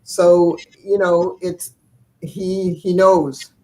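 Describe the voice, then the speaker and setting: Over a video call, an older woman rambles through family anecdotes, chuckling between thoughts and using lots of fillers. Her voice is fairly low and dark, with flat delivery and drawn-out words, and the recording is rough.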